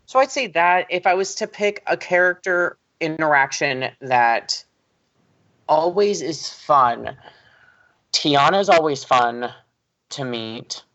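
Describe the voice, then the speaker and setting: A man co-hosting a casual podcast, an animated storyteller who jumps into high squeaky quotes. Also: takes it slowly, dull audio. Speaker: podcast co-host.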